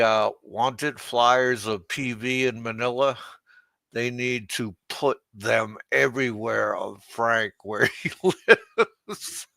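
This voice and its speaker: Slow, gravelly man ranting. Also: mid-range voice, sharp tone, no echo. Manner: crude, mocking, laughs at his own jokes. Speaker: livestream host. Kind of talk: unscripted livestream rant.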